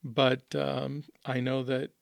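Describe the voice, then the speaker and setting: Middle-aged Midwestern man, podcast host, earnest and emotional, gravelly tone, dry close mic. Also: mid-range voice, monotone, takes it slowly, no room sound. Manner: earnest, openly emotional storytelling. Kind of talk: personal monologue.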